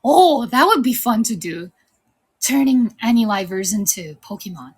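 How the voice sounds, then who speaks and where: A woman's voice: on the high side, big pitch swings, moderate pace, slightly rough. A woman in her thirties with a slight Irish tinge, chatting casually on her streaming debut and laughing often. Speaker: VTuber streamer. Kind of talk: casual livestream chat.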